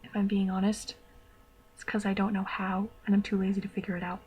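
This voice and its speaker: A woman's voice: mid-range voice, level tone, darkish tone, husky. A young woman, telling a self-deprecating story to camera in casual vlog style. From Canada. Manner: chatty, self-deprecating, quick asides. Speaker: vlogger.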